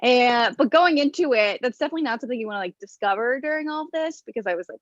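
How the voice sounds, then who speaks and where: A woman's voice: on the high side, lively intonation, fast talker, few pauses, fairly bright tone, no echo, dull audio. A young woman doing a stand-up comedy set over an online stream, wry and self-deprecating, chatty with lots of fillers.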